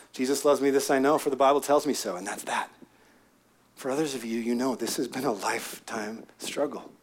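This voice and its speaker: A man preaching a sermon, swinging from loud emphatic peaks down to hushed near-whispers. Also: medium pitch. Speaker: pastor. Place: outdoor gathering with a prayer tent.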